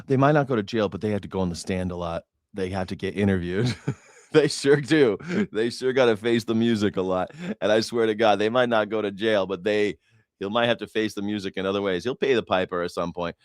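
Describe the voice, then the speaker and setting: A man's voice: on the low side, brisk, no room sound, studio quality. A man hosting a news reaction show, giving blunt, mocking, profane commentary and laughing at his own jokes.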